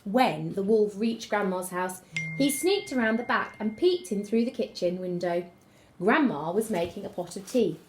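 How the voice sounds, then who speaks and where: A woman teacher reading a fairy tale aloud to children, with expressive storytelling. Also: medium pitch, normal speed, faint music behind. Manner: expressive storytelling, gasps and whispers.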